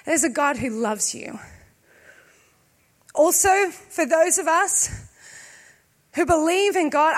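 High-voiced woman preaching a sermon. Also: fairly bright tone. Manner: conversational and humorous, with slow emphatic pauses. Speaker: pastor.

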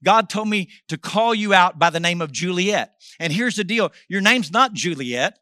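A middle-aged man, a pastor, preaching a sermon and telling a story, swinging from loud exhortation to hushed asides. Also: high voice, expressive, moderate pace, dry recording, studio quality.

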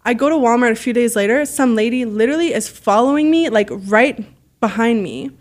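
Chatty woman with a fairly high voice. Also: a little fast. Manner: animated, acts out quoted voices, swears freely; heavy use of "like" fillers. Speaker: podcast guest. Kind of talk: casual storytelling.

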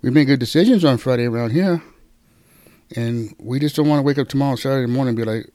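A man's voice: mid-range voice, quick pace, warm tone, dry recording, clean studio sound. A man preaching a casual sermon and speaking to listeners like friends. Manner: conversational, calls listeners guys and bro.

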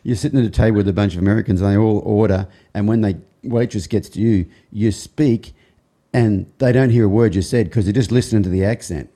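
A man's voice: on the low side, brisk, mellow. A man hosting a podcast, joking and giggling as he asks his guest questions. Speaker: podcast host. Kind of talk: casual interview chat.

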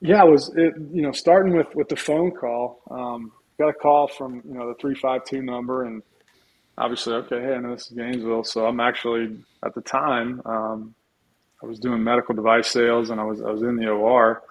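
Man, 40s, medium pitch, podcast guest, chatty storytelling, humble, lots of restarts. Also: little pitch movement, brisk, lo-fi sound. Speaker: guest, former football player. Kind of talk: casual storytelling in a podcast interview.

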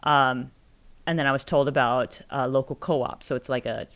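A middle-aged woman from California telling a story in casual podcast chat, animated and acting out the people she quotes. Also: a bass voice, moderate pace. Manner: animated storyteller who acts out quoted voices. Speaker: podcast co-host.

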